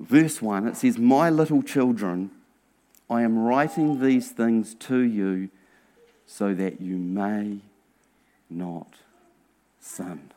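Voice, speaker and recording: A man preaching a sermon as pastor, earnest and emphatic, asking rhetorical questions and dropping to a hushed voice at times. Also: lowish voice, takes it slowly, long pauses. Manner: earnest, drops to a hushed near-whisper for emphasis.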